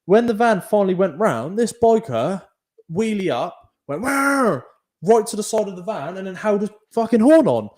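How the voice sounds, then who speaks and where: A man, co-hosting a podcast and telling a sweary, animated road story in casual chat. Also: high-pitched, moderate pace. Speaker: podcast co-host.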